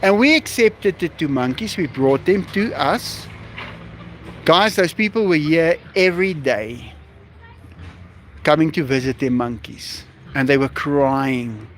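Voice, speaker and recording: A man with a high, lively voice chats on a phone stream outdoors among his farm animals. He talks slowly, with faint outdoor noise behind him. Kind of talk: casual live-stream chat.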